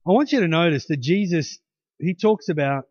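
A man's voice: a little high, lively intonation, moderate pace, a little mellow, no room sound. A pastor preaching a sermon in a conversational way, often tagging his points with "hey?" and restarting his sentences. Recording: dull lo-fi, dry.

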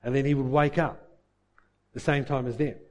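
A man telling a story with lively energy, acting out the people in it and sometimes repeating words as he goes. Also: mid-range voice, normal speed. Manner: animated, acts out quoted voices, repeats words when excited. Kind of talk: motivational storytelling.

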